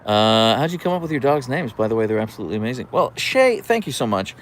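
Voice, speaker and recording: A man's voice: medium pitch, very animated, quick pace. A man hosting a casual livestream from an outdoor deck, chatting and answering viewer comments into a camera on a tripod. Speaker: livestream host.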